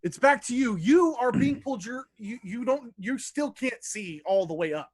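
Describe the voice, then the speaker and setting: Man, dungeon master, high voice, dry close sound, animated, laughs and curses. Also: normal speed, slightly rough, no echo. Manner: animated, laughs and swears freely. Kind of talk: running a streamed tabletop game.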